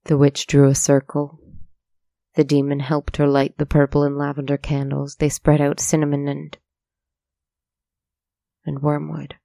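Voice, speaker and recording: A storyteller giving steady scripted narration of a dark tale. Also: medium pitch, a little slow, gravelly, long pauses, no echo.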